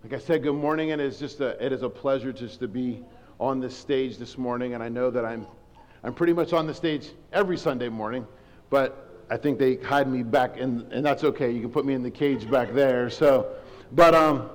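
A middle-aged man, a high school principal, giving an informal, rambling, self-deprecating sermon from a church stage. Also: moderate pace. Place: church sanctuary. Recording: long hall reverb.

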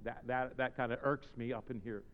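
A man preaching a sermon as pastor, swinging from low, joking asides to shouted exhortations in plain-spoken language. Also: fairly even intonation, a little fast, smooth. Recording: reverberant, slightly dull hall recording.

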